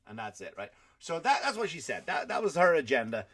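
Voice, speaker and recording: A man's voice: on the high side, very animated, brisk. A man, a comedian and podcast host ranting in a rambling, profane way. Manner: rambling, profane, jumps in loudness. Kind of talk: comedic rant.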